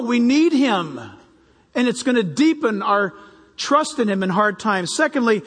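An older man preaching a sermon to his church, animated and jokey, acting out little voices. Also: very high voice. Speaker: pastor. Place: church hall. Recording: reverberant hall.

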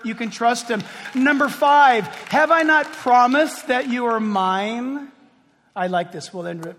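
A man preaching a sermon in an animated way, firing rhetorical questions at the congregation in a church. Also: very high voice. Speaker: pastor. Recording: long reverb of a large hall.

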